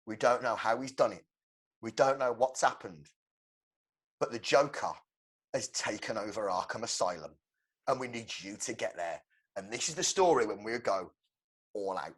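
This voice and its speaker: A man co-hosting a podcast, excitedly pitching a film plot with swearing and shouted sound effects. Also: moderate pace, husky. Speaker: podcast co-host. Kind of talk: animated movie-pitch storytelling.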